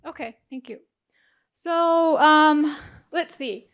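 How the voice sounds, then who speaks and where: A woman's voice: sits high, slow, a bit bright, dull audio. A woman judging a speech contest, asking questions and rephrasing them to explain. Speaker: contest judge. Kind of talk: judge's questions.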